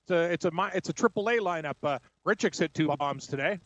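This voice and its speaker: High-voiced man talking sports bets. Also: fairly bright tone, dry recording, dull audio. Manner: brisk, confident betting analysis. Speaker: sports radio co-host. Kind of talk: casual sports talk.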